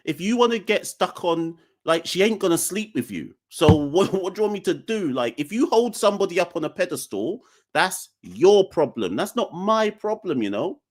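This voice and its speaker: Male podcast host, young adult, lively ranting delivery. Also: high-pitched, normal speed, few pauses. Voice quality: animated, defiant, joking ranting. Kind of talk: live call-in show chat.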